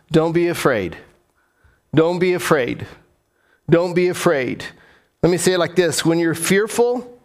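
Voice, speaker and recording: Repetitive preaching male pastor. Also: a little high. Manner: repeats key phrases for emphasis, asks the congregation questions. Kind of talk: sermon.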